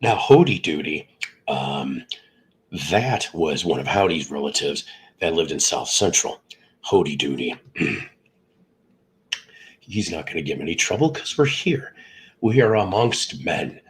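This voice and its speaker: A man's voice: low voice, lively intonation, a little slow, long pauses, fairly bright tone, slightly rough, poor audio. A middle-aged man who hosts a live stream, sounds congested from illness, and rambles with jokes as he greets viewers by name. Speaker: livestream host. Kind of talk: casual live chat with viewers.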